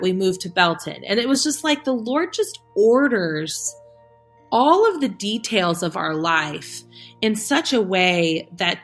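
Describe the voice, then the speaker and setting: A woman in her thirties, a podcast guest, telling her story in a casual, animated way, laughing often and acting out the dialogue. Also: medium pitch. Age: 30s.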